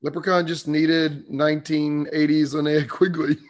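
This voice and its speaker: A man's voice: a little high, flat delivery, moderate pace. A man chatting casually about a movie, laughing a lot and trailing off mid-sentence.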